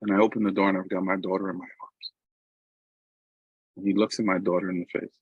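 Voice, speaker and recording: A man's voice: sits low, little pitch movement, quick pace, husky, no echo, narrow, tinny audio. A middle-aged man from New York with a New York accent, giving a personal recovery talk in a conversational storytelling way with frequent asides to listeners. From New York, USA. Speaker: recovery meeting speaker.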